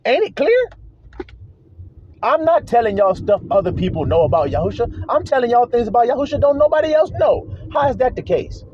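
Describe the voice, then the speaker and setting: High-voiced combative male preacher. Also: slight background noise. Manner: combative, profane, hammering rhetorical questions. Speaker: self-styled preacher. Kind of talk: confrontational preaching monologue. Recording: dull lo-fi sound.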